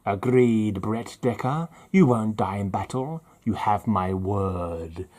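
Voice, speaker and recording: A man voicing Death, a grim male spirit who keeps his bargains, speaking low and slow. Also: darkish tone. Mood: sly.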